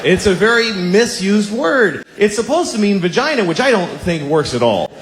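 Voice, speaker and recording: A man doing stand-up comedy, riffing quickly and breaking into sudden loud exclamations. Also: high-pitched, big pitch swings, reverberant, background noise.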